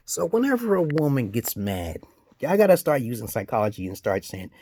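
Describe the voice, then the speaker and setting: A man delivering a heated, profane vlog rant, his pitch leaping high in outbursts and dropping low into mutters. The sound is dry and close, with no room echo. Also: big pitch swings, brisk, a little mellow. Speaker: vlogger giving dating advice. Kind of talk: ranting commentary vlog.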